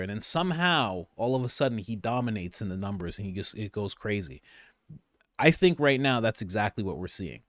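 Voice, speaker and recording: Sex: man. Role: political commentary vlogger. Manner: ranting, exasperated, laughs at his slips. Pitch: average. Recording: dry, close. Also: dry recording.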